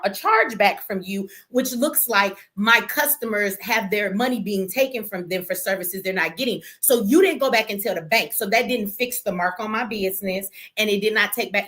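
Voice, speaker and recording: A woman's voice: mid-range voice, a bit bright. A woman from Detroit hosts a casual livestream, tired and exasperated, talking straight to her viewers and swearing freely. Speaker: livestream host. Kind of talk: casual live-stream rant.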